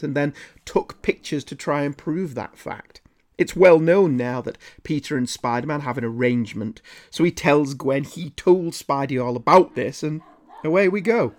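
A man's voice: medium pitch, darkish tone. A man narrating a scripted comic book review with dry, sarcastic asides.

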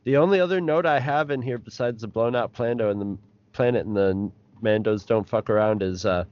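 A man co-hosting a podcast, chatting casually and rambling, with halting restarts. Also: mid-range voice, a little mellow, dry recording, lo-fi sound. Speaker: podcast co-host. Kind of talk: casual chat.

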